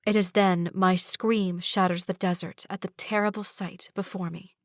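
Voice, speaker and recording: A woman's voice: medium pitch, flat delivery, normal speed, no echo. A woman narrating a first-person fantasy audiobook in a dramatic way, recorded on a close studio microphone. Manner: dramatic, with rising cries in dialogue.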